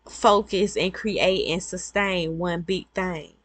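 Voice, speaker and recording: Brief: woman vlogger, slow unhurried delivery, lowish voice, earnest advice talk. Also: a bit bright, no room sound. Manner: earnest, repetitive, conversational. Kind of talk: casual advice monologue.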